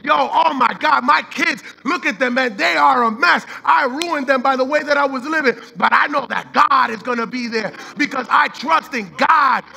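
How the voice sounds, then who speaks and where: A man's voice: very high voice, normal speed, vocal fry, few pauses, pushed and bright. A man preaching a sermon as pastor, fervent and repetitive, mixing in street slang and the odd line of Spanish.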